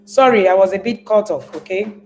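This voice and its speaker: A woman's voice: mid-range voice, brisk, darkish tone, slight background noise, rough recording. A woman giving a live talk as a parenting coach. She speaks with emphasis, repeats phrases to drive points home, and acts out parents as she goes. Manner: repeats words when stressing a point.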